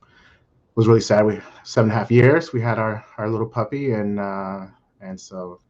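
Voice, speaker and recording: A middle-aged man from Brooklyn, under the weather, speaking on a panel in a halting way full of fillers. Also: on the low side, fairly even intonation, darkish tone, muffled recording. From Brooklyn, New York. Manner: halting, many fillers and restarts. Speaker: panel guest, account manager. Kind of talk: casual panel talk.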